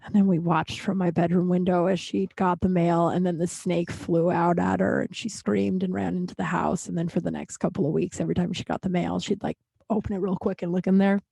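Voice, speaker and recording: Her voice is on the low side, brisk and creaky with a breathy edge, recorded dry. A podcast host in her thirties, she chats her way through childhood anecdotes in a rambling, animated monologue full of "like" fillers.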